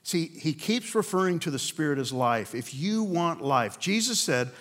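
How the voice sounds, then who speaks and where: Brief: male preacher, earnest sermon delivery, slightly higher voice, rhetorical pauses. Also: sing-song, a bit bright. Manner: earnest, rhetorical questions, slows for emphasis. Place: room with a men's group.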